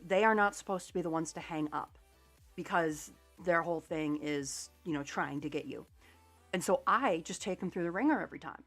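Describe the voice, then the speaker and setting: A young adult woman livestreamer casually telling a story to her chat, animated and sarcastic, with some swearing. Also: on the low side.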